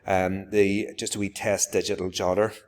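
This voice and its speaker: A man's voice: sits low, little pitch movement, moderate pace. A man, a teacher giving a live classroom demonstration, explaining to viewers and turning to address his pupils directly. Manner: explains to viewers, then calls out warmly to pupils.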